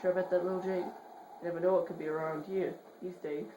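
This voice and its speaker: A woman giving horror game commentary, swearing in rapid repeated bursts and joking while muttering quietly between outbursts. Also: fairly low pitch, level tone. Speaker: gamer. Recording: roomy echo, faint hiss.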